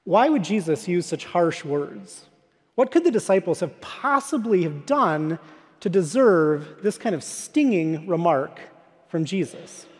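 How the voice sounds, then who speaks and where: A man's voice: high-pitched, big pitch swings, measured pace, breathy edge. A man preaching a sermon, telling everyday stories in a conversational way to his listeners. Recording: long hall reverb.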